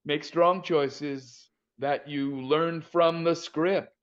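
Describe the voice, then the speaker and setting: A man's voice: a little high, steady tone, drawn-out words, clean tone, muffled recording. An older man speaking as a casting director guest in an interview, telling frank stories with frequent hesitations and restarts. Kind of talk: interview conversation.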